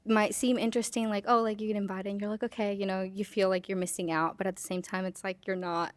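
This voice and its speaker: A woman's voice: mid-range voice, flat delivery, fast talker, no echo, clean studio sound. A young woman of college age, a podcast guest talking earnestly and casually, full of "like" and "you know". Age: young adult. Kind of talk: casual interview.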